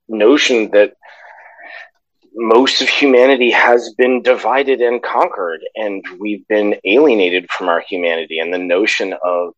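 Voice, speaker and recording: A man talking as a podcast guest, halting and thoughtful, with many restarts. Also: on the low side, dry recording, dull audio. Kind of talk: casual chat.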